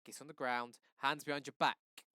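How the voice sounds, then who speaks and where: Give me a man doing a stern cop shouting orders from a storybook, clear and dry. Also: on the low side, fast, no echo. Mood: commanding. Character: stern commanding male police officer.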